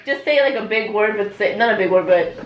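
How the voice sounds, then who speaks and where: A woman's voice: mid-range voice, fairly quick, roomy sound, lo-fi sound, very noisy. A pregnant woman vlogging in casual chat, giggly and rambling as she talks to her viewers at home.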